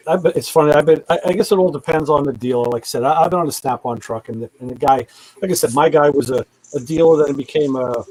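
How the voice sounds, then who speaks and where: A man hosting a live show, chatting casually and asking animated questions. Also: fairly high pitch, fast talker, rough recording. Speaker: host.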